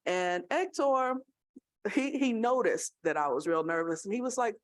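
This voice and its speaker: A woman's voice: mid-range voice, animated, moderate pace. Southern American woman telling a story. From Tennessee, USA. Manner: conversational storytelling, checks in with the audience. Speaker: college student affairs leader. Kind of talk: speech at a staff awards gathering.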